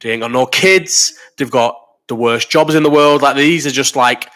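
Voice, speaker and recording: Hosting a live chat, a man in his thirties rambles, swears, and trades quick banter while reading viewer comments, all while sick with a cough. His voice is medium in pitch with a fairly bright tone.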